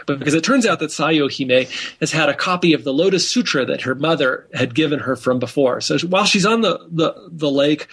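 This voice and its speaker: Husky-voiced professor retelling a tale. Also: male voice, fairly high pitch. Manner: animated storyteller, repeats words when restarting. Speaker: professor of Japanese literature. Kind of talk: interview, retelling a story.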